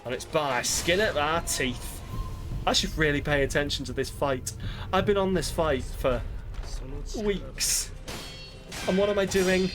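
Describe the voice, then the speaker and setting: A man's voice: a little high, measured pace, long pauses, music in the background. A British man chatting casually with viewers as he plays, making jokes, rambling and mocking himself. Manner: joking, rambling, self-mocking. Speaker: streamer. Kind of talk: casual gameplay chat with viewers.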